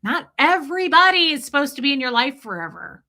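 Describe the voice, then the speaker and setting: A woman's voice: high voice, very animated, brisk, pushed and bright. A woman live streamer chatting candidly with her viewers, swearing casually and greeting them by name. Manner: greets chat viewers by name mid-story. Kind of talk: casual livestream chat with viewers.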